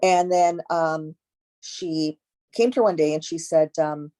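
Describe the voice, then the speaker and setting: A woman's voice: low-pitched, a little slow, warm tone. A woman esthetician being interviewed, talking emphatically, repeating key words and acting out exchanges with clients. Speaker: guest esthetician. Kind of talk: conversational interview.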